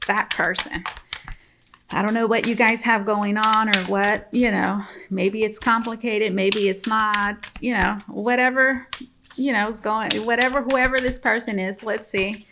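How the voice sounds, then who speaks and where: A woman's voice: mid-range voice, steady tone, measured pace, noisy background. A woman giving a casual tarot reading to camera, chatty and repetitive, talking straight to her viewers from home. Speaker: tarot reader.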